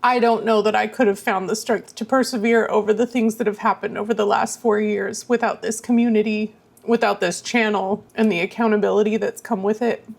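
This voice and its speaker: A woman's voice: mid-range voice, fairly even intonation, fairly quick, gravelly. Rambling, chatty woman vlogger. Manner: rambling and self-deprecating; earnest, openly emotional. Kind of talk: casual chatty vlog.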